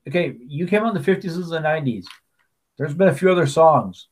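A man co-hosting a casual podcast, his voice sitting a little high for a man. He tells long stories and wanders into side remarks, restarting his sentences as he goes. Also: animated, fairly quick, darkish tone, breathy edge. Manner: chatty storyteller, many restarts and asides. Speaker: podcast co-host. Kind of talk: casual chat.

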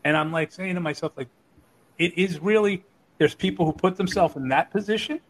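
A middle-aged man tells crude, profane stories in casual conversation, animatedly acting out the voices of the people in them. His voice is high and fairly quick. The low-quality recording carries a little hiss or hum.

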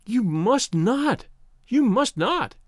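A desperate young woman from an old storybook, pleading and wailing in a high, swooping voice, as a male reader puts her on. The recording is dry and close, with no room sound. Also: sing-song, normal speed, dry recording. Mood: distraught. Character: young distressed woman, anxious and remorseful.

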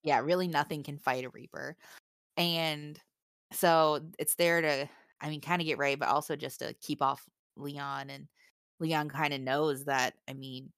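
Low-voiced young woman gushing about a book. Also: steady tone, a little slow, fairly bright tone, dry recording, clean studio sound. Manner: giggly, gushing, reads quotes aloud. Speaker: podcast co-host. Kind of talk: casual book chat.

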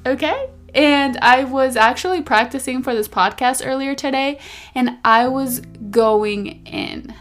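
A young woman hosts her own podcast from a chair indoors, speaking into a close mic. Her voice sits a little high, and she talks in a chatty, rambling, animated way, with faint music underneath. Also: unhurried. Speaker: podcast host. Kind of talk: casual solo podcast talk.

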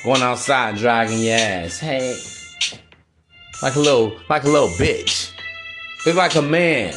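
A man's voice: mid-range voice, a little slow, pauses often, over music. A man hosting a podcast, giving blunt, profane dating advice in an emphatic, preachy street-talk manner. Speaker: podcast host. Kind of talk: motivational dating advice monologue.

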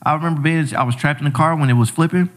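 A man's voice: fairly high pitch, racing. A young man, a podcast guest, telling a personal story in a loose, slangy way, repeating himself and acting out what people said. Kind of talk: casual storytelling chat.

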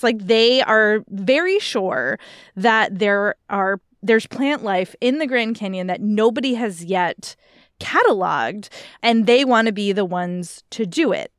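A woman co-hosting a book podcast, chatting casually in a relaxed, rambling way with many fillers. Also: mid-range voice, clean tone, no echo, studio quality. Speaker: podcast co-host.

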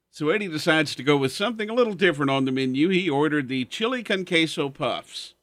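Man, show host, chuckling storyteller, a bit high-voiced, dry close sound. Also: animated, brisk, few pauses, a bit bright, no room sound. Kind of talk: folksy radio monologue.

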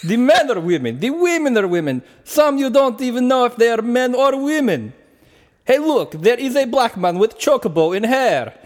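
A man's voice: extremely high pitch, expressive, normal speed, big-room sound, pitched above the performer's own voice. A man reading a listener's email aloud in a put-on Russian accent, with broken English. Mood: mock indignant.

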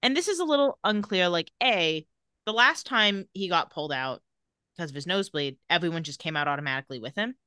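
A woman with a bright, forceful voice and a fairly low pitch, chatting on a podcast. She retells scenes with animation and laughs often. The sound is dry and close. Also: expressive, a little fast, clean tone, no room sound. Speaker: podcast co-host recapping a TV episode. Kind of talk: casual chat, retelling scenes.

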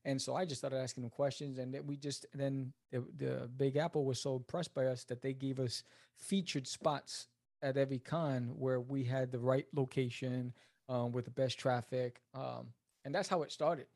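An animated man tells stories from his career in a casual interview. His voice sits in a middle register, and he jumps higher whenever he acts out the people in his stories. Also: moderate pace, gravelly. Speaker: interview guest, comic creator.

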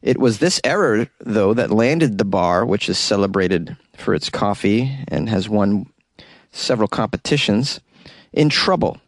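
A man's voice: fairly low pitch, expressive, a little slow, no echo, studio quality. A man hosting a radio talk show, reading news stories and adding wry, sarcastic asides in a casual way.

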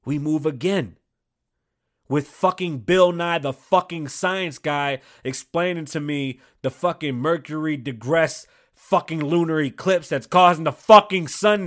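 Dude in his 30s cussing up a storm, kinda high voice, yelling then grumbling. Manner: loud, profane, swings from heated yelling to low grumbling. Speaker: show host. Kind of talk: profane comedic rant.

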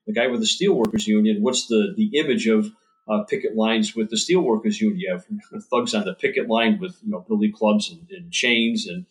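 A man's voice: lowish voice, poor audio. A man who writes books on baseball, answering interview questions in an earnest, thorough way. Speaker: baseball author guest.

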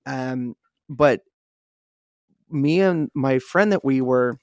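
A man co-hosting a podcast, telling a story in animated casual chat, swearing freely and acting out what people said. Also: medium pitch, takes it slowly, no room sound, clean studio sound. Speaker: podcast co-host.

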